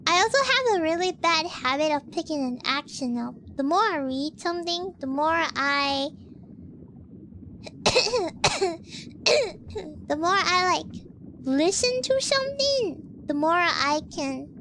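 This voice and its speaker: A woman with an extremely high, cutesy voice chats through a livestream, unhurried and drawn out. She rambles, leans on "like" fillers and coughs often between thoughts. There is a faint hiss of noise behind her. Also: lively intonation, sharp tone. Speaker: streamer. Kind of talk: casual livestream chat.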